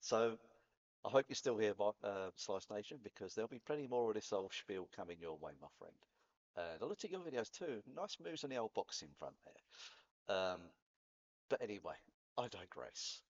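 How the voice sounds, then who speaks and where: A man's voice: lowish voice, big pitch swings, moderate pace, muffled recording. A man with a Cockney accent talking casually to camera, chatty and rambling, laughing at himself now and then. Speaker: vlogger. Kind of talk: casual spoken talk to camera.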